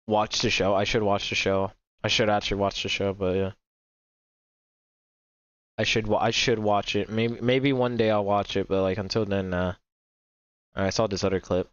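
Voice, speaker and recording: A man's voice: fairly low pitch, moderate pace, fairly bright tone, no room sound. Young male reaction host, rambling and repetitive, dry, slightly dull home mic. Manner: rambling, repeats himself, heavy filler words. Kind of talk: casual reaction commentary.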